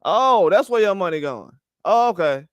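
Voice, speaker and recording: A man's voice: high voice, animated, moderate pace, dry recording, muffled recording. A man ranting about boxing with heated, profane speech and repeated rhetorical questions. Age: older. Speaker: boxing commentary host. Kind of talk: heated opinion rant.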